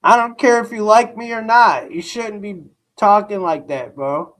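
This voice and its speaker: A man's voice: high voice, a little slow, fairly bright tone. A man hosting a live stream, talking casually and bluntly to his chat in rambling, profane rants. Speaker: livestream host reacting to news.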